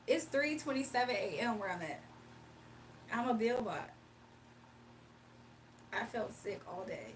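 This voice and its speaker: This livestream host from Virginia, United States, talks in a relaxed, slangy way late at night, reading viewers' comments out loud and laughing a lot. Her voice is on the high side. The audio is poor, captured from a distance with a faint hiss or hum.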